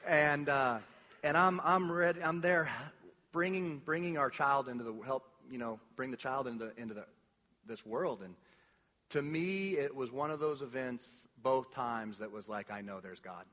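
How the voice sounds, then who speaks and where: Bright-voiced man telling a church testimony. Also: medium pitch, normal speed. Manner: rambling storytelling with many restarts and filler words; animated, acts out quoted lines. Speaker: church speaker sharing a testimony. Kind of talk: personal testimony to a congregation. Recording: dull recording with long hall reverb.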